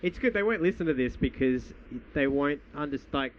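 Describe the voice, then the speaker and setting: A man's voice: fairly high pitch, expressive, moderate pace, muffled recording, a little hiss or hum. An Australian man hosting a casual podcast chat, brash and joking with lots of swearing. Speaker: podcast host.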